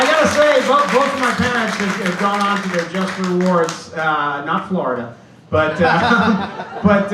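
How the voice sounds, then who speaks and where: A man's voice: high-pitched, background noise. A man in his fifties doing a stand-up set, telling a story and acting out the people in it. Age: 50s. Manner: storytelling, acts out quoted voices. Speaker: stand-up comedian. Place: comedy club stage. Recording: echoey club from far off, loud ambience.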